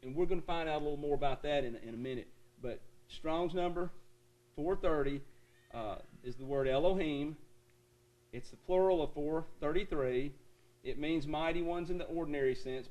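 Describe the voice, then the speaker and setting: Emphatic preacher man reading scripture. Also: mid-range voice. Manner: emphatic preaching that turns to a quieter, explanatory lecture tone; asks the congregation for an amen. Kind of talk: sermon with scripture reading and teaching. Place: church congregation.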